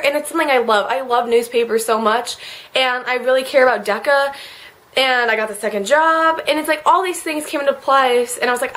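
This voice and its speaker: A teenage girl speaks straight to her camera in a confessional vlog, her voice sitting a little high. She rambles and leans on filler words, and she sounds close to tears the whole way through. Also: a bit bright. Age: late teens. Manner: rambling, emotional, many "like" fillers. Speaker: vlogger.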